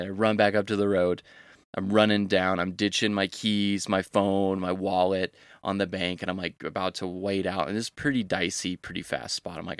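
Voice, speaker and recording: A man's voice: deep voice, flat delivery, fairly quick, a bit bright, smooth, no echo, studio quality. A young man working as a fishing guide, telling a casual, rambling story on a podcast with lots of slang.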